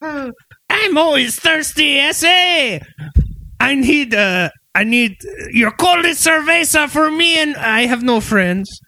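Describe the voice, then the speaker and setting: A man voicing a crude, drunken, manic male chupacabra in an improvised comedy bit, yelling in a high, shrieking voice. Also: animated, slow pace, no room sound, exaggerated voice. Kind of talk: improvised comedy role-play.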